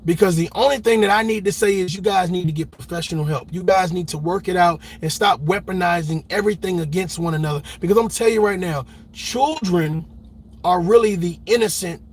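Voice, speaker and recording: A man delivers a heated reaction rant in a fairly high, husky voice. He hammers his points with repeated words and blunt swearing. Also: fairly quick. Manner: impassioned and emphatic, repeats words, swears freely. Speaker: reaction commentator. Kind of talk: ranting commentary.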